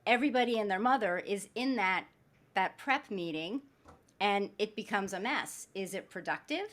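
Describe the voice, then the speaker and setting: A woman's voice: mid-range voice, animated, moderate pace, a bit bright. A woman hosting a podcast interview, chatty and upbeat, introducing her guest with light jokes. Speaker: podcast host.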